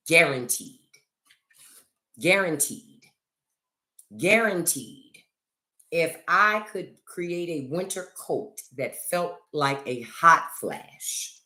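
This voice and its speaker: Speaking into a phone from an echoey room, a middle-aged woman hosts a casual livestream chat. Her voice is extremely low in pitch yet fairly bright in tone, and she chats, jokes and tells stories with theatrical flair.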